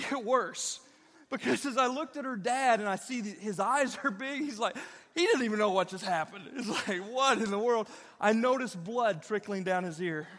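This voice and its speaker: Pastor, man with a drawl, high-pitched and folksy, chatting to the congregation in a reverberant sanctuary. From Southern Illinois. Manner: folksy, animated, addresses the audience directly. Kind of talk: storytelling sermon. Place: church sanctuary. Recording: reverberant church hall.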